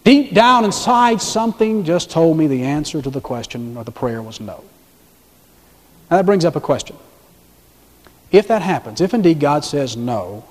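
Preacher man in a reverberant hall. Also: high voice. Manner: dramatic swings between loud emphasis and hushed, slow delivery. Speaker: pastor. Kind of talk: sermon.

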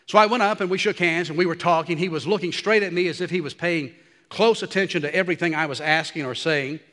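A man preaching a sermon, animated and dropping to a hush for the quiet passages. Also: on the high side, fast talker, big-room sound.

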